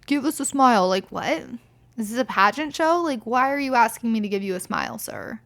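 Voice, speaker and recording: A young woman hosts a podcast, telling stories bluntly and with exasperation, swearing freely and saying "like" a lot. Her voice is fairly high and fairly bright, animated and brisk. It's a casual storytelling monologue.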